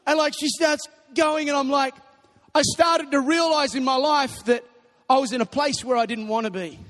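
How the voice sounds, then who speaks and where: A young man preaching a sermon, telling stories animatedly and breaking into shouts. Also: extremely high pitch, moderate pace. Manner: animated storytelling, bursts into shouting. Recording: long reverb of a large hall.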